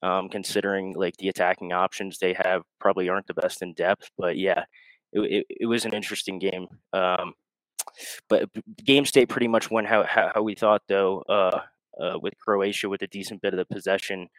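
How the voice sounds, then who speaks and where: A man from the United States, a guest analyst on a betting podcast, speaking haltingly with many restarts as he works through his thoughts. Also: low voice, flat delivery, a bit bright, no room sound, poor audio. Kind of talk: casual sports analysis.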